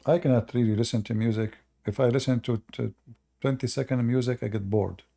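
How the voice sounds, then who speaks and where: A man's voice: mid-range voice, steady tone, fairly quick, creaky, mellow. A man talking casually as a religious commentator, answering viewer questions in a rambling way with many fillers. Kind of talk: casual livestream chat.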